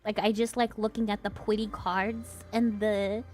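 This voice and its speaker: A woman's voice: medium pitch, flat delivery, moderate pace, darkish tone. A young woman hosting her stream, chatting casually with viewers and laughing often. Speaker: streamer host.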